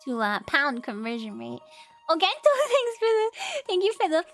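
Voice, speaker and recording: Giggly high-voiced woman game streamer. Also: huge pitch swings, normal speed. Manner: giggly, chatty, thanking viewers. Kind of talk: live game stream, reading dialogue aloud. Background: faint game music.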